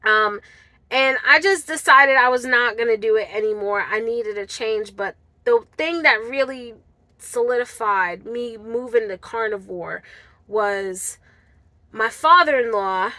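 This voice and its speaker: Woman vlogger, bright and a little high, earnest personal story, dry close sound. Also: measured pace, no echo. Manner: earnest, heartfelt, addresses viewers as guys. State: tearful at times.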